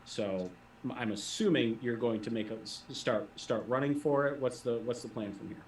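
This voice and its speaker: A man's voice: medium pitch, normal speed, slight background noise. A man acting as game master, describing the scene and calling for dice rolls in a tabletop role-playing game. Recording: echoey room, voice from a distant mic.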